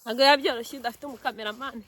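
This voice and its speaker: A woman's voice: a little high, fairly even intonation, rapid-fire, a bit bright, a little hiss or hum. A young woman with a Rwandan accent filming a casual vlog outdoors in the snow with her son, coaxing him along, mixing English with Kinyarwanda and laughing often. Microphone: phone camera.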